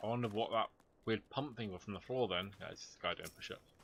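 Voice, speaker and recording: A man's voice: lowish voice, quick pace, a bit bright, a little hiss or hum. A man streaming a game, chatting casually with an offhand, self-deprecating manner. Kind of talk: casual gameplay commentary.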